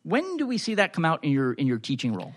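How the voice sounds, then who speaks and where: A man's voice: a little high, huge pitch swings, fast. A man co-hosting a podcast, asking questions in a casual, joking way. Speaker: podcast co-host and interviewer.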